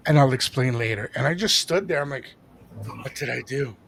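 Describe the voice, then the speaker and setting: A man co-hosting a podcast, telling a story in a casual, animated way and dropping into Spanish now and then. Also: mid-range voice, moderate pace, vocal fry, slight background noise. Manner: animated, jumps into impressions, code-switches into Spanish. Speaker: podcast co-host and DJ.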